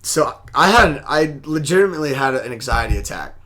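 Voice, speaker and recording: Man, podcast co-host, casual chat, animated recap, laughs a lot, mid-pitched voice. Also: brisk.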